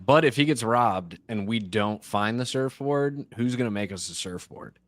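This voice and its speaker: A man's voice: medium pitch, lively intonation, normal speed, dry recording. A man playing a tabletop game, eagerly planning aloud. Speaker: player. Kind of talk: casual tabletop play.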